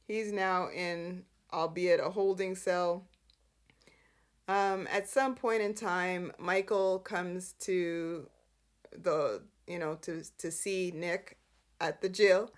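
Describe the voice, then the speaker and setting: A woman hosting a podcast who recaps soap opera scenes casually, acting out the characters' lines and laughing often. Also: lowish voice. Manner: animated, acts out characters' lines in voices; laughs often while telling. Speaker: podcast host.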